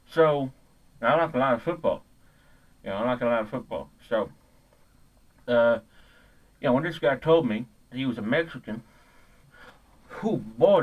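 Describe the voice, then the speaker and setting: In this comedic character monologue, a man plays a hot-headed, ignorant ranter who curses, rambles, and trips over his own words. His mid-range voice sounds close to everyday speech, though the highs are cut off.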